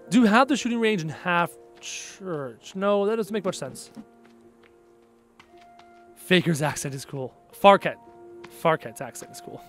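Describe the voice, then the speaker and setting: A man's voice: high-pitched, fairly bright tone. A man with a Canadian accent, streaming a game and chatting sarcastically with his viewers. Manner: chatty and sarcastic, answers chat aloud. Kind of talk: casual live-stream chat while gaming.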